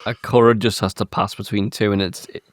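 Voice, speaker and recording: A man's voice: fairly low pitch, flat delivery, a little fast, no echo, studio quality. A man co-hosting a casual film podcast, laid-back, giving brief replies with chuckles. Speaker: podcast co-host. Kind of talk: casual film review chat.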